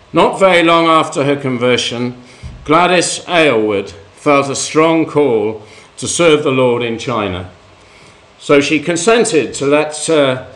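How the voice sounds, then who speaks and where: Man preaching a story-filled sermon. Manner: storytelling, pitch rising for emphasis and dropping at ends of points.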